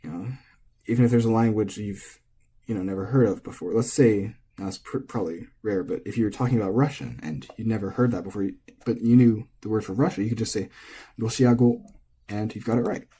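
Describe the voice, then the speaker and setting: Relaxed male teacher with a low, mellow voice, explaining casually and correcting himself mid-thought. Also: quick pace, slightly rough. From United States. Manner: relaxed, thinking aloud, self-correcting. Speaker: language teacher.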